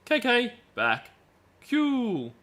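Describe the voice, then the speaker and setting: A man voicing a chirpy young girl chatting online, with high gushing exclamations. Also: huge pitch swings, extremely slow, sharp tone, heavily acted.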